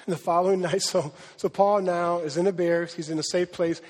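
A male preacher gives an animated, conversational sermon and laughs often. His voice sits high, and a long reverb fills the sanctuary. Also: fairly quick.

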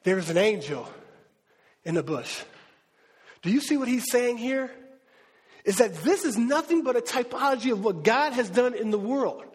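Male preacher, high and husky, lively casual Bible teaching, reverberant hall. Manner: animated, conversational, acts out quotes.

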